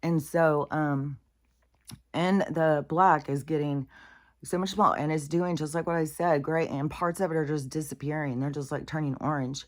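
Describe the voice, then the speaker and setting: A woman's voice: low voice, steady tone, normal speed. A woman vlogger talking in a casual, rambling monologue, candid and profane, dropping now and then into whispered asides.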